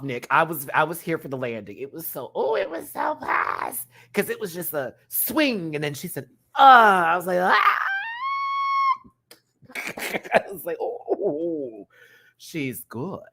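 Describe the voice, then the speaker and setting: A man hosting a live review stream, chatting casually with viewers in an animated, expressive way, laughing often. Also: medium pitch.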